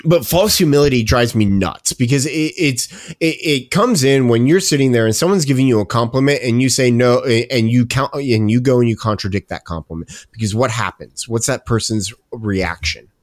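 A man's voice: mid-range voice, moderate pace, dry recording, clean studio sound. A man co-hosting a podcast, ranting emphatically and repeating himself as he makes his point. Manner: emphatic, repetitive, self-interrupting. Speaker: podcast co-host. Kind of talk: casual ranting chat.

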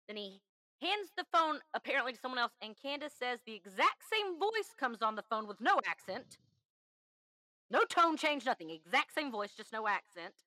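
A woman's voice: fairly high pitch, sing-song, normal speed, pushed and bright, dry recording, rough recording. A woman hosting a true crime podcast, telling the story in an emphatic, chatty way. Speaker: podcast host.

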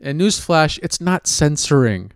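A man's voice: a little high, very animated, measured pace, no echo, studio quality. Sarcastic, profane man from California. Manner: sarcastic, profane, rambling with many restarts. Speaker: actor and writer. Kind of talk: casual chat.

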